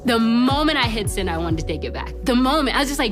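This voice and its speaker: A woman's voice: fairly high pitch, lively intonation, fairly quick, hardly any pauses, over music. A young woman teaching a youth church lesson, telling stories in a chatty way with lots of "like" and "right?" and frequent laughs. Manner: laughs often, self-teasing. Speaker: children's ministry teacher. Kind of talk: animated youth lesson talk.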